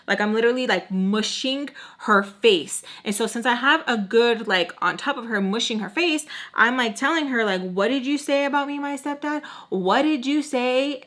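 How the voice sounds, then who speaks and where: A young woman telling a storytime in a casual, slangy, animated way, acting out the quotes. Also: medium pitch. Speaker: storytime vlogger.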